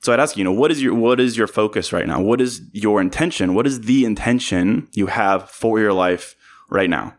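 Guy w a lowish voice doing a pep talk podcast, earnest, keeps repeating himself. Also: moderate pace. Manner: earnest, emphatic, repeats phrases. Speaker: podcast host. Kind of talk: motivational monologue.

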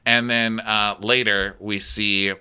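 A man's voice: on the low side, level tone, slow pace, pushed and bright, smooth. A man co-hosting a comedic TV recap, irreverent and swearing, slipping into mock voices. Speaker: podcast co-host.

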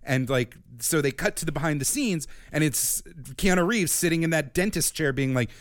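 Young man, podcast co-host, a bit high voice, dry sound, rambling storyteller. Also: animated, no echo. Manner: rambling storyteller, quick to jump in. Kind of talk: casual chat.

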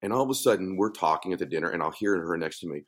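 A man's voice: sits low, lively intonation, racing, a bit bright. A middle-aged man, a podcast guest, telling a story in an emphatic, joking way. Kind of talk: animated storytelling.

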